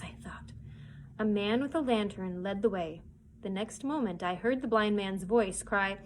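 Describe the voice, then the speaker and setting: A woman, a children's librarian, reading a chapter book aloud for story time, pausing now and then to show pictures. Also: medium pitch, slight background noise, rough recording. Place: public library.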